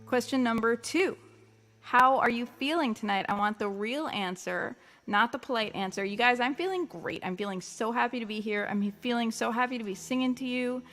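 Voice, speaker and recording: A woman's voice: on the high side, normal speed, a bit bright, faint music behind. A woman with a Long Island accent, a musician chatting casually and jokingly on her livestream while reading out viewer comments. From Long Island, New York.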